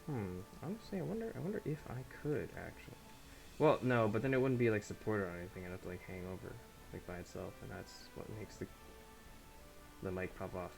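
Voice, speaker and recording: A man's voice: on the low side, lively intonation, fast talker, creaky, soft background music, rough recording. Rambling man streaming a game. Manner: rambling, filler-heavy, self-deprecating. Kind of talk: casual let's-play chat.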